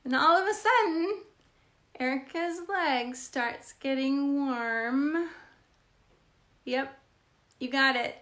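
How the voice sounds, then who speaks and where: A woman's voice: sits high, takes it slowly, a bit bright. A middle-aged woman, a real estate agent, casually telling funny stories from her job and laughing often. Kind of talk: casual storytelling to camera.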